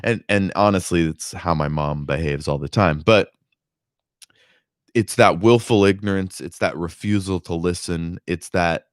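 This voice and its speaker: Slow, rambling low-voiced man. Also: no room sound, clean studio sound. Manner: rambling, profane, full of fillers and restarts. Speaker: reader and commentator. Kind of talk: casual reading commentary.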